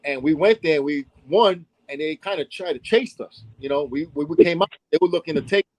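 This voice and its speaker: A man with a New York accent tells stories in an animated way and slips into other voices as he goes. His voice sits a little high for a man. The sound is dry and close. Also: brisk, no echo, poor audio. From Brooklyn, New York. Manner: animated storyteller, acts out voices, many "you know what I'm saying". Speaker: interview guest, hip hop dance pioneer. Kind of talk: storytelling interview.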